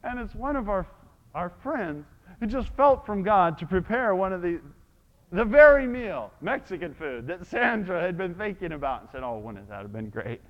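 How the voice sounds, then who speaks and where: A man preaching a sermon, telling a personal story and swinging from soft, quiet passages to loud, shouted declarations. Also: high-pitched, lively intonation, normal speed, dull audio.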